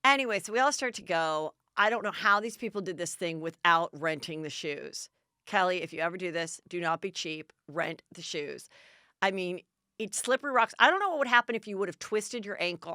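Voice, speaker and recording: A woman's voice: on the low side, pushed and bright, no echo, clean studio sound. A middle-aged woman podcast host telling a story in a casual, chatty way and acting out the dialogue in bursts.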